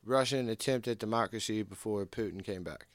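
A man's voice: on the low side, a little fast, dry recording, clean studio sound. A man co-hosting a podcast, joking and asking quizzical questions in casual chat. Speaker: podcast co-host.

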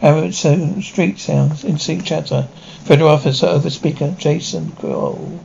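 A man reading dialogue and sound cues aloud in a flat, even way. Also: a little high, normal speed, creaky, a little hiss or hum. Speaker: describer. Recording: dull lo-fi recording.

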